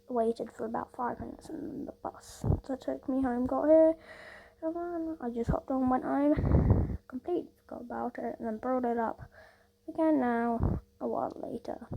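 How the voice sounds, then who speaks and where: A woman's voice: on the high side, gravelly, dark tone, slight background noise, poor audio. A woman casually telling a rambling story, peppered with "like" and "obviously".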